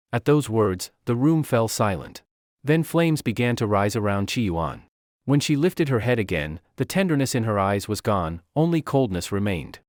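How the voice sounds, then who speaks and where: A man narrating a scripted story recap in a brisk storytelling way. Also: on the low side, big pitch swings, no room sound, clean studio sound.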